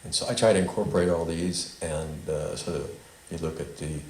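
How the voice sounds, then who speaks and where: In an echoey meeting hall at a spiritual center, with faint noise in the background, a man teaches a small group in a meandering way and has them repeat a statement after him. His voice is low, steady, fairly quick, and a little mellow.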